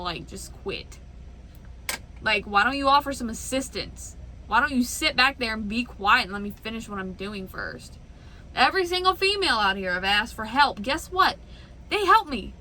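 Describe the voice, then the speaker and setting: Woman truck driver, vlog rant, exasperated and animated, bright tone, faint background noise. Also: a little high, low-quality recording. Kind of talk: casual ranting vlog.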